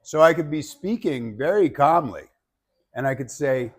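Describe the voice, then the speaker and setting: A man leading a public speaking workshop, giving feedback and demonstrating techniques in an animated way. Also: fairly high pitch, moderate pace, slightly rough.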